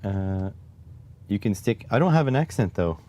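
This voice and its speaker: A man from Canada with a deep, low voice chats casually to his livestream audience. He rambles in wry, offhand asides while working with his hands. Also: expressive, normal speed, dark tone, highs cut off. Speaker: livestream host.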